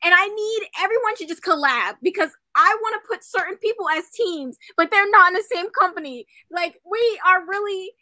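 Woman, high voice, dry sound, animated podcast co-host, exclamatory. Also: moderate pace, hardly any pauses, dry recording. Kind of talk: casual wrestling chat.

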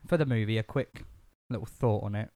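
A man's voice: on the low side, brisk, very noisy. A man co-hosting a casual podcast chat, rambling and laughing often as he talks through a film. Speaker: podcast co-host.

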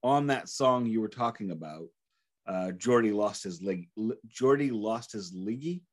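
A man's voice: on the low side, lively intonation, measured pace. A man co-hosting a music podcast in casual chat, conversational and asking curious questions. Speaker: podcast co-host.

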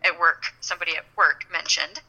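Bright-voiced wry woman co-host. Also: fairly low pitch, fairly even intonation, a little fast, low-quality recording. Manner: wry, chatty, rambling with restarts. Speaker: podcast co-host. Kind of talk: casual chat.

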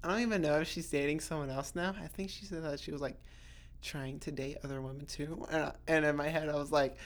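On her solo podcast, a young woman talks fairly quickly in a voice that sits low. She chats casually and rambles, swearing freely and cutting herself off with restarts and lots of "like."

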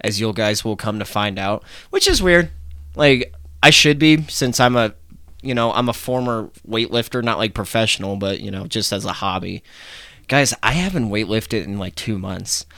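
A young man rambles through a casual solo podcast, chatty and loose, dropping swear words without a second thought. His voice sits a little low. The recording is dry and close, with no room sound. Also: lively intonation, moderate pace, a bit bright, dry recording. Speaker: podcast host.

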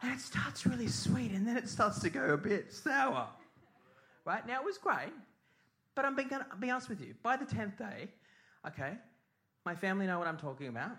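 A man's voice: high voice, very animated, moderate pace, bright, forceful tone. A middle-aged man preaching a sermon as pastor, telling a comic story with sung mimicry and put-on voices.

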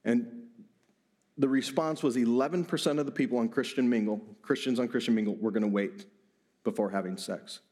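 Preaching as a pastor, this middle-aged man speaks at medium pitch with animated energy, tripping over repeated words in fast bursts.

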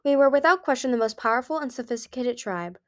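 A woman's voice: high-pitched, expressive, fast, no room sound, clean studio sound, voice pushed up. Brief: ancient male dragon, proud and charming, voiced by a woman reader. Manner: proud, easygoing, smooth-talking.

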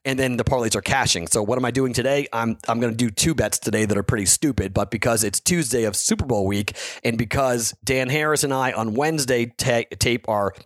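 A man's voice: medium pitch, fairly quick, few pauses, dry recording, clean studio sound. Frustrated man hosting a betting podcast. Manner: frank, heated, rambling with restarts. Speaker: sports betting podcast host. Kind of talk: casual solo podcast talk.

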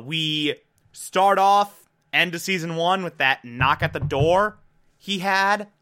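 A young man hosts a casual recap, talking in an animated, emotional way and swearing freely. His voice sits a little high and sounds bright and forceful. He speaks slowly and takes his time. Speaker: podcast host recapping a TV episode.

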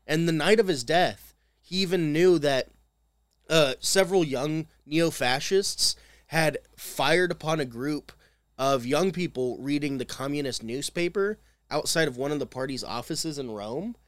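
A man's voice: a little high, unhurried, no room sound. A man co-hosting a podcast, walking through a history story point by point with a dry, wry edge. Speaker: podcast co-host. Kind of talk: casual storytelling chat.

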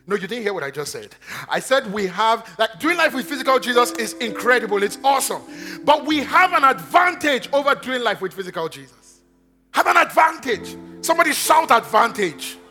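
A man preaching a lively sermon. He jumps between loud exclamations and hushed asides, and he acts out the quoted voices. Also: sits high.

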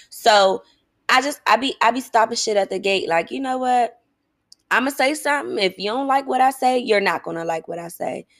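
A woman's voice: medium pitch, creaky, no echo, clean studio sound. Blunt, profane woman ranting. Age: adult, getting older. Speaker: podcast host. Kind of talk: casual monologue.

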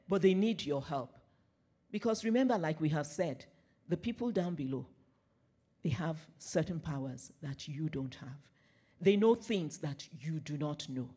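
Guy preaching, fairly high voice, earnest, trails off quiet at line ends, repeats phrases. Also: husky. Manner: earnest, with soft drops in volume at the ends of phrases; personal storytelling with repeated phrases. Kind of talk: sermon.

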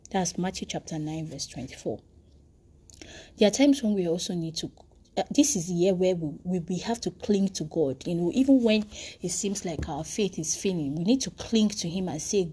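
Warm husky woman preaching. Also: on the low side, expressive, normal speed. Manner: earnest storytelling with frequent restarts. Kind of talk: devotional podcast sermon.

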